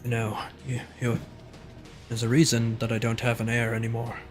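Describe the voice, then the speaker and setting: A man's voice: mid-range voice, monotone, normal speed, soft background music, voice pushed down, lightly acted. A man voicing a weary old male estate owner who grumbles and confides. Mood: confiding.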